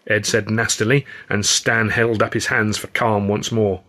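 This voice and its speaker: A man reading his own novel aloud as its narrator, in measured storytelling. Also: lowish voice, steady tone, sharp tone. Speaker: author and narrator.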